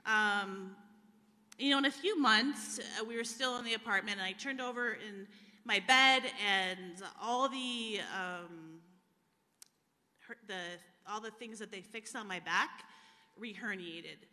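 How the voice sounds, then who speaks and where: Speaking at a measured pace in a sharp-toned, medium-pitched voice, a woman from the USA gives her testimony as a guest speaker at a live-streamed church service. She is candid and emotional with many fillers, and the hall echoes.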